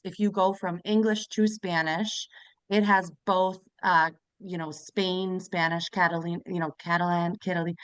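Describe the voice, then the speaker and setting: A woman's voice: on the low side, a bit bright, clean tone, no room sound. A woman on a video call in a webinar, explaining steadily with fillers as she talks about her clients. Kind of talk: webinar discussion.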